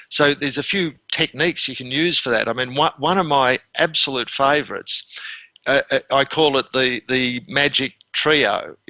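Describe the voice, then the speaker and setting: Bright-voiced man in his sixties. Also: medium pitch, no room sound, rough recording. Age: 60s. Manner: animated storyteller, acts out scenes, repeats words when restarting. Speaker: dental consultant and lecturer. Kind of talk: interview guest storytelling.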